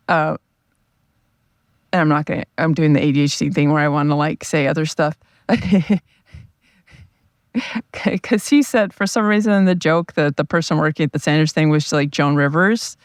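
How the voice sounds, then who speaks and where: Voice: mid-range voice, moderate pace, long pauses, clear, resonant tone, no room sound, studio quality. Rambling, chatty podcast host. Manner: rambling, chatty, self-deprecating. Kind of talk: casual solo podcast monologue.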